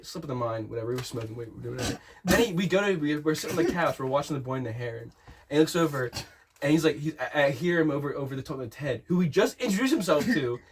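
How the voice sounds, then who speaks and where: A man casually telling a rambling party story to friends, laughing and swearing as he goes. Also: a little high. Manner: rambling, laughing, cursing, restarts sentences. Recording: distant mic, faint background noise.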